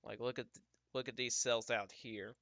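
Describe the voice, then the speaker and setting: A man giving casual live weather commentary as he tracks storms, thinking aloud in an unhurried way with frequent restarts. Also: mid-range voice, little pitch movement, a bit bright, no echo.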